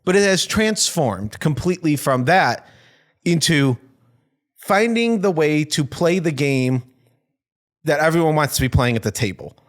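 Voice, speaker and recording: A man's voice: on the high side, expressive, a little slow. A man hosting a casual comedic chat, teasing his co-hosts and laughing often. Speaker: podcast host.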